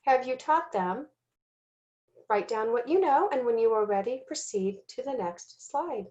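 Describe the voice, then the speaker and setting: Woman slowly sounding out syllables. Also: on the high side, animated, a little mellow, muffled recording. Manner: slow, deliberate, sounds out letters and syllables; self-corrects with "excuse me". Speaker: teacher trainer. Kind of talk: recorded instructional lesson.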